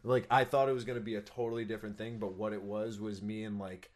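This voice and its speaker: A man's voice: lowish voice, little pitch movement, quick pace. Earnest young man telling stories. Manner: earnest, eager storytelling with many fillers. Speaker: musical theater actor, guest. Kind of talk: casual interview chat.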